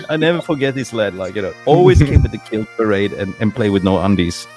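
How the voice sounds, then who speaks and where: A man's voice: fairly low pitch, warm tone. A man hosting a casual football fan chat, telling stories with lots of laughs and repeated words. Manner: chatty storyteller, laughs often, repeats words. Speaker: host.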